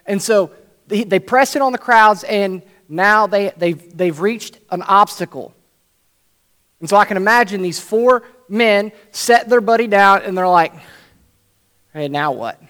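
Male preacher with a high voice, animated storytelling sermon that acts out each scene. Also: unhurried.

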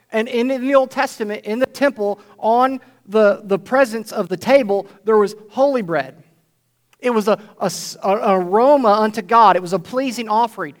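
A male pastor preaching a sermon to his congregation in a conversational way, often checking in with "right?". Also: high-pitched. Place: church before a congregation.

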